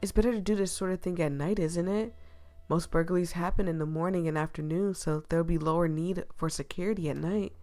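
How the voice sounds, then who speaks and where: A woman voicing a pompous young male employer who speaks formally and slowly. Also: sits high, fairly even intonation, a little mellow, faint music behind. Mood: matter-of-fact.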